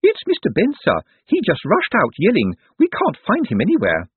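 A man voicing a tearful, fretful woman office clerk who speaks in an anxious, hurried way, heard over a tinny phone-like line. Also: high-pitched, wildly swooping pitch, breathy edge, dry recording, voice pushed up, heavily acted.

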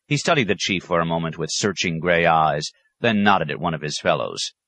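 A male audiobook narrator with a deep voice reads scripted narration in a measured, even storytelling style. There is no echo.

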